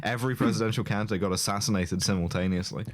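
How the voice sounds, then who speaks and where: A male podcast host riffing absurd jokes in a deadpan, casual manner. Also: lowish voice, very fast. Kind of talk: casual comedic chat.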